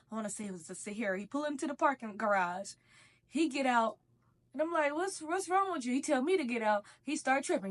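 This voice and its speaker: Slangy young woman telling a story. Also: a little high. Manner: slangy, profane, conversational storytelling. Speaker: vlogger. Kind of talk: casual storytime while eating.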